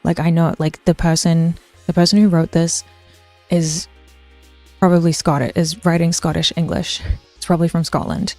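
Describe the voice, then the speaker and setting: A young woman talks to her stream chat in a loose, rambling way, full of fillers and restarts. Her voice is lowish, mellow and unhurried. The sound is dry and close, with faint music underneath. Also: little pitch movement, no echo. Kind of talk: casual linguistics rant to chat.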